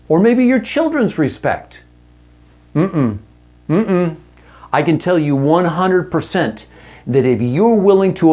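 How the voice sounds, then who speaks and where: A man teaching a marriage seminar to a live audience, earnest and coaching, who drops his voice soft and low when he acts out an apology.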